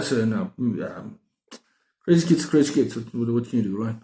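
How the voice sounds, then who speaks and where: With a dark, expressive, mid-range voice at normal speed, a South African book vlogger in his thirties talks casually through his latest books. He's rambling and self-deprecating, often restarting, and the room echoes noticeably.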